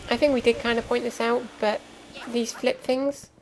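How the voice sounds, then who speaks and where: A woman's voice: a little high, little pitch movement, normal speed, a little hiss or hum, low-quality recording. A young woman giving chatty, explanatory let's play commentary with lots of ums and asides. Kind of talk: casual gameplay commentary. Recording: game music playing clearly behind. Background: game music.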